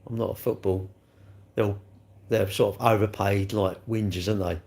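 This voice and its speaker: A man's voice: lowish voice, steady tone, moderate pace, vocal fry, darkish tone. A man rambling and joking as he answers chat comments on a live stream. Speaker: livestreamer reading chat.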